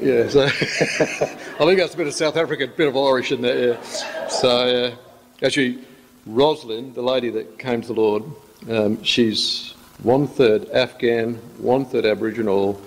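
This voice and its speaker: A man's voice: mid-range voice, fairly even intonation, normal speed, vocal fry, slight background noise. A male pastor, giving an informal sermon full of rambling, joking stories. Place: church hall. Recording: echoey church hall.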